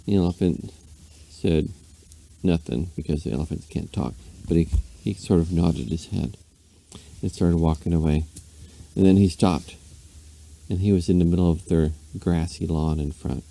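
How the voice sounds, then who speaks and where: A man's voice: sits low, normal speed, vocal fry, long pauses, mellow. A man, a dad, rambling playfully through an improvised bedtime story. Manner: rambling, playful, with silly asides.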